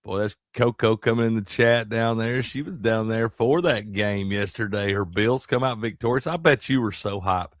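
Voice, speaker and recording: A man's voice: on the low side, moderate pace, few pauses, dry recording, clean studio sound. A man co-hosting a live sports betting show, bantering casually with slang and greeting viewers. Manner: easygoing, drawling banter with slang. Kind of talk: casual live-stream chat.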